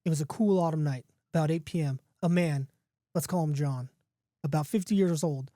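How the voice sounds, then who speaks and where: A man's voice: a little high, moderate pace, mellow, no room sound, clean studio sound. A podcast host reading his own spooky story in a casual, playful way, with a few restarts.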